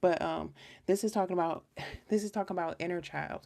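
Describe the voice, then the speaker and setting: Low, gravelly woman tarot reader. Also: fairly quick, warm tone. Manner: chatty and rambling, frequent restarts; earnest and emotional. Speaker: tarot reader hosting a live stream. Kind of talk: casual live-stream reading.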